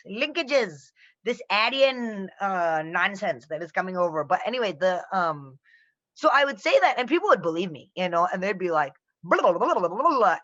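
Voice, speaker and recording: A woman's voice: mid-range voice, muffled recording. A woman from the American Midwest with an American accent, chatting casually as a podcast guest and acting out the voices of people in her stories. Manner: animated storyteller, acts out quoted voices. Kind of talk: casual chat.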